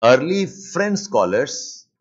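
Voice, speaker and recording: A man with an Indian English accent teaching a live online class, dictating points and repeating them slowly, with Hindi asides mixed in. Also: medium pitch, very animated, muffled recording. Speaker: lecturer.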